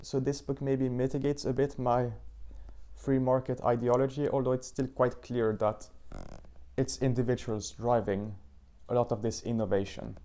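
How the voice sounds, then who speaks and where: A man hosting his own book channel, giving a casual, slightly halting review and pausing to search for words. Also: mid-range voice, level tone, mellow.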